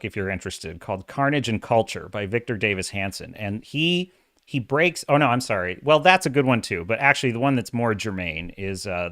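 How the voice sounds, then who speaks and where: Animated man hosting a livestream. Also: on the low side, dry recording, studio quality. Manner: animated, self-described dramatic, reads chat comments. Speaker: livestream host. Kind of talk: casual livestream commentary.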